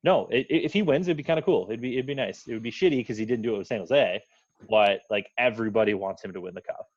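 A man's voice: mid-range voice, fast, dry recording, muffled recording. A man talking as a guest on a sports podcast, blunt and opinionated, swearing casually.

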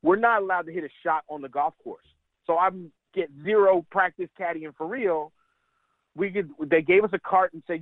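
A middle-aged man, a caddie and stand-up comedian, telling animated, laughing stories as a radio interview guest. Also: high voice, normal speed, no room sound. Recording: tinny phone line, dry.

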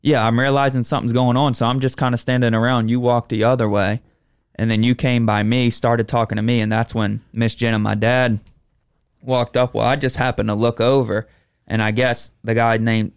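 A man's voice: medium pitch, level tone, normal speed, smooth, no echo, clean studio sound. A man co-hosting a podcast in casual chat, easygoing and recounting events plainly. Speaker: podcast co-host. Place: podcast studio.

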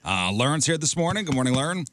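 A man's voice: a little high, big pitch swings, a little fast, background noise. A man hosting a radio morning show, teasing his co-hosts in playful banter.

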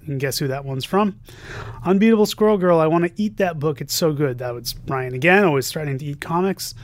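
A podcast co-host with a voice on the high side reads listener messages aloud in casual chat, joking about them. He gives the quotes a playful emphasis, and there's no room sound.

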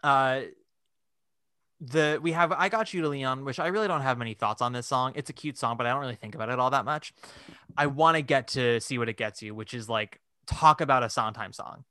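A man co-hosting a casual podcast chat. He is animated and fills his talk with "like", acting out quoted reactions. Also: medium pitch, a little fast, smooth, no echo, clean studio sound. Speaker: podcast co-host. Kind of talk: casual chat about musical theatre.

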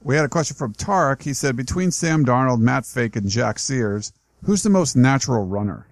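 A man's voice: mid-range voice, expressive, normal speed, no echo. A man hosting a talk show, reading out listener questions in a plain, matter-of-fact way. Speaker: host.

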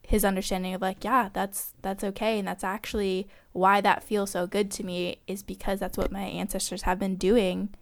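A woman's voice: medium pitch, flat delivery, normal speed, creaky, few pauses, no room sound. A woman co-hosting a podcast in casual chat, talking loosely with many likes and ums. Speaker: podcast co-host.

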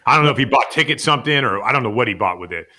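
A man with a bright, forceful voice, spinning a loose, lively locker-room story. He leans on constant "like" fillers and slips into other people's voices as he talks. His speaking voice sits at a middling pitch. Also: very fast. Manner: lively anecdote-telling with heavy "like" fillers and acted-out quotes. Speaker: podcast guest, former player. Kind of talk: animated storytelling.

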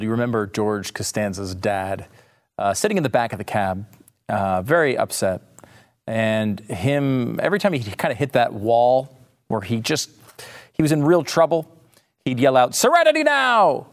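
A man's voice: medium pitch, moderate pace. A man hosting a talk show, chatting casually with jokey, sarcastic asides. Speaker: podcast host.

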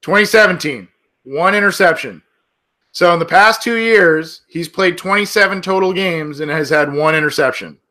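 A male podcast host in loose, casual sports talk, full of ums and restarts. His voice is bright and forward, and it sits a little above the usual male pitch. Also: moderate pace. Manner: chatty, many fillers and restarts.

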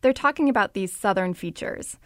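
A woman's voice: mid-range voice, animated, fairly quick, dry recording. Woman narrating a podcast story, dry sound. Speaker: reporter and narrator.

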